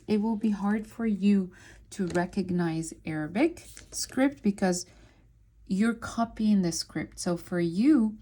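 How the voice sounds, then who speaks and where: A woman teaching beginners to read, speaking at a very slow, deliberate pace. Her voice is dark and mellow. She breaks each word into syllables and says them over and over. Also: mid-range voice. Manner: sounds out syllables slowly and repeats words. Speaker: Arabic teacher. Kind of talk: slow step-by-step reading lesson.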